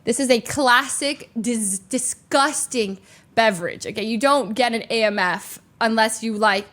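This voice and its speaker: A woman chatting casually, laughing and protesting, with quick rambling asides. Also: a little high, a bit bright. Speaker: streamer reacting. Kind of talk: casual chat.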